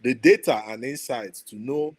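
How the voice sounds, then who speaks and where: A man, speaking as a guest on an online panel over a video call, measured and pausing with fillers. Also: medium pitch. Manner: measured, many fillers and restarts.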